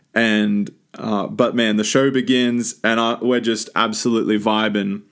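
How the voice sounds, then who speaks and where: A young man with an Australian accent, telling a rambling, enthusiastic story as a podcast host with lots of restarts. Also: fairly low pitch. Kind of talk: casual storytelling monologue.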